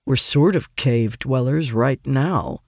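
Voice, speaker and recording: A dour, brooding young fighter, as an audiobook reader puts him on, muttering terse and sarcastic answers in a slightly lowered voice. The read is dry and close, with no room sound. He sounds tired and unimpressed. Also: expressive, measured pace, a little mellow, no room sound. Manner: gruff and muttering, terse replies.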